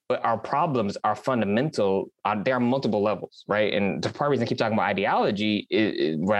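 Low-voiced earnest man in podcast talk. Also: dry recording. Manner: earnest, emphatic, frequent "right?" asides. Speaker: podcast host. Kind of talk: conversational discussion.

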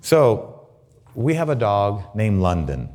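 A middle-aged man preaches a sermon as a guest pastor, speaking slowly with big pitch swings. He often repeats his words and now and then acts out shouts of praise.

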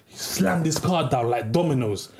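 A man's voice: fairly high pitch, moderate pace, slight background noise. A young man telling a story in casual podcast chat, acting out the voices of the people in it and often laughing. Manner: animated storyteller, acts out voices, breaks into laughter. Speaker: podcast co-host.

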